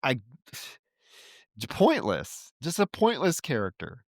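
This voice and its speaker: A man co-hosting a film podcast, rushing through a plot recap and breaking into exasperated, profane asides. His voice sits at an ordinary middle pitch. The recording is dry and close, with no room sound. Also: no room sound. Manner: animated retelling, swearing, exasperated asides. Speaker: podcast co-host. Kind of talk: casual film discussion.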